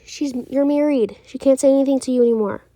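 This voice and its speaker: Young husband, soothing and repetitive, voiced by a woman, bit high, dead-dry mic. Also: fast, mellow, no echo, lightly acted. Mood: reassuring. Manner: soothing, insistent, repeats himself. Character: young husband, gently reassuring his wife. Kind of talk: amateur role-play drama.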